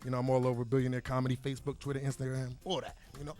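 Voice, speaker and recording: A male stand-up comedian on a club stage, telling animated stories straight to the crowd through a handheld mic. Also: mid-range voice, very fast, soft background music. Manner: boisterous, animated storytelling, direct to the crowd.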